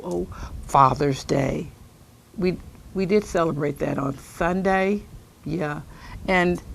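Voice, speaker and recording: A woman playing an eccentric, scatterbrained older lady in a comedic monologue, rambling and chatting with invisible companions. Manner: lively, swooping pitch.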